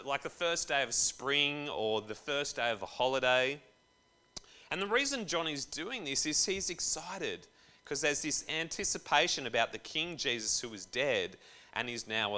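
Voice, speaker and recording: A man's voice: mid-range voice, pushed and bright. A young man giving a casual, jokey sermon to a church group, full of slang and asides.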